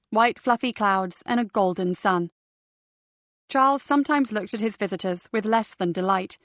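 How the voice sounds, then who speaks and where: A woman narrating a crime novel audiobook in a steady, measured reading. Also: medium pitch, dry recording. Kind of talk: scripted narration.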